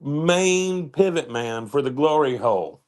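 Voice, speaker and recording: A man's voice: a little high, lively intonation, unhurried. Sarcastic male commentary host. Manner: mocking and sarcastic. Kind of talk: casual commentary chat.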